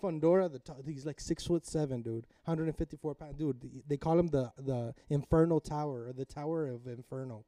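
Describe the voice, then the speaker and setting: A podcast co-host tells a boxing story in casual chat, swearing heavily, getting carried away, shouting and laughing often as he acts out the characters' lines. His voice is a little high and brisk with few pauses, recorded dry and clean in a studio but from a distant mic.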